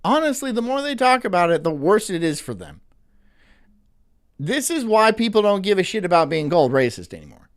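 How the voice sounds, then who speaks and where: A woman's voice: medium pitch, sing-song, fairly quick. A woman hosting a livestream, talking casually while reacting to clips, swearing and repeating herself. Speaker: livestream host.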